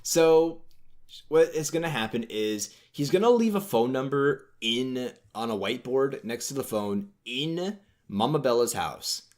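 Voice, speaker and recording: A man's voice: mid-range voice, expressive, measured pace, darkish tone. A man co-hosting a podcast, casually recapping a book in a rambling way with lots of fillers. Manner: rambling, filler-heavy retelling. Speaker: podcast co-host.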